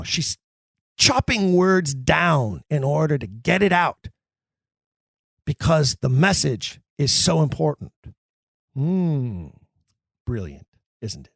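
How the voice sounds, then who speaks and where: A man hosting a podcast, teaching Shakespeare acting with emphatic delivery that drops low and slow for dramatic lines. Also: big pitch swings, vocal fry, a bit bright, dry recording. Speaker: podcast host.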